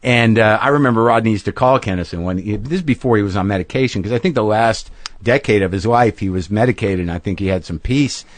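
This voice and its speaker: A man hosting a casual interview chat, musing loosely and backing his guest with steady agreement. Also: on the low side, fast, no room sound. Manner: frequent yeahs, loose profane musing. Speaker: podcast host.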